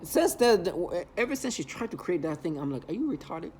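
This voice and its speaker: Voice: mid-range voice, very animated, moderate pace, warm tone, slight background noise. A vlogger ranting in an agitated, emotional monologue, hurling repeated insults.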